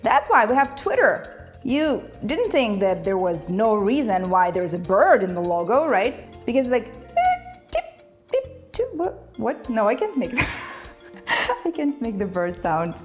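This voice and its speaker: A woman's voice: medium pitch, sing-song, measured pace, soft background music. A young woman whose first language is Ukrainian, teaching English in a playful, chatty video lesson and laughing often. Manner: playful, laughs often, imitates animal sounds.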